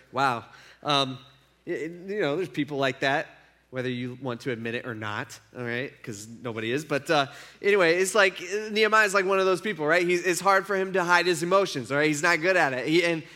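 A man's voice: on the high side, brisk, bright, forceful tone. A young man giving a casual sermon, retelling a story in a conversational way with lots of fillers. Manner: conversational, filler-heavy storytelling with acted quotes. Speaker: preacher.

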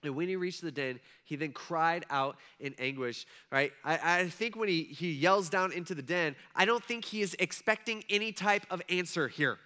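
A man's voice: on the high side, moderate pace, hardly any pauses, bright, forceful tone, clean tone. A man preaching a sermon in a conversational way, with frequent asides to his listeners. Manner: conversational, frequent asides and check-ins with the audience. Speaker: pastor.

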